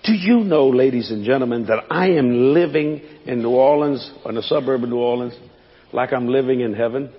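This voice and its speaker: An older man preaching a sermon, swinging between shouts and low folksy asides, with a gravelly voice. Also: brisk, long reverb tail, dull audio.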